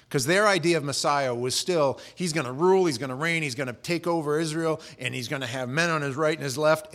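A man's voice: mid-range voice, a bit bright. Conversational man preaching a sermon. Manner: conversational, acts out quoted voices, frequent restarts. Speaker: pastor.

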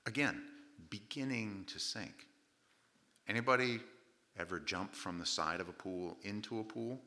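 Bright-voiced joking male preacher. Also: low voice, normal speed. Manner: conversational and humorous, acting out voices, frequent restarts. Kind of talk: sermon.

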